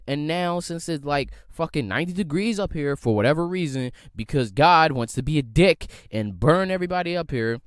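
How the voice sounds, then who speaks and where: Young Philly-man, solo podcast host, swinging pitch, dry close sound, cursing and rambling. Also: clear, resonant tone, no echo. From Philadelphia area. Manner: loose, profane, rambling, rhetorical questions.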